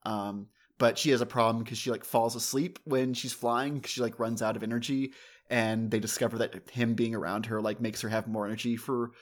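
A man's voice: mid-range voice, fairly even intonation, a little fast. A man co-hosting a casual chat, rambling through a review with lots of fillers and self-mocking asides. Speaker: podcast co-host reviewing anime.

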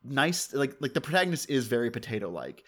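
Man, casual podcast chat, rambling, filler-heavy, self-mocking, mid-pitched voice. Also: sing-song, quick pace, a bit bright. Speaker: podcast co-host reviewing anime.

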